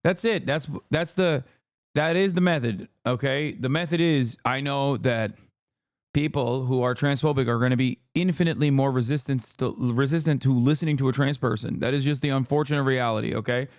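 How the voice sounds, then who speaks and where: A man's voice: mid-range voice, a little fast, dry recording, clean studio sound. A man streaming live, ranting with heated, profane commentary on a clip he is reacting to.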